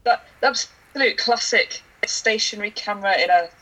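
Woman co-host, bright tone, chatty asides. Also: medium pitch, rough recording. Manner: chatty interjections and quick asides. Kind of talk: casual film recap chat.

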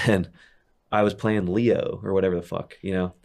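A young man with a very low, deep voice chatting casually. He rambles through his stories in a relaxed way, full of fillers and restarts. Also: moderate pace, creaky. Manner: rambling, laid-back storytelling with many fillers. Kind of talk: casual chat.

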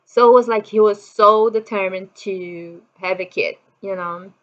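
A woman's voice: mid-range voice, fairly even intonation, measured pace, lo-fi sound. A middle-aged woman from Brazil with a Brazilian Portuguese accent, telling a personal story in a chatty way, full of "you know" fillers and acted-out quotes.

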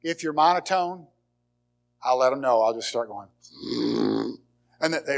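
A man preaching a sermon as pastor, with dynamic swings from loud emphasis to near whispers and frequent repeated words. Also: mid-range voice, expressive, measured pace, pauses often. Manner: repeats words and restarts phrases.

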